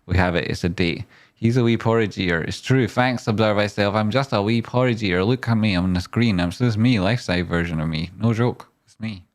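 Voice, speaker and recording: A man hosting a casual trading livestream, jokey and rambling, now and then jumping into a high pleading whine.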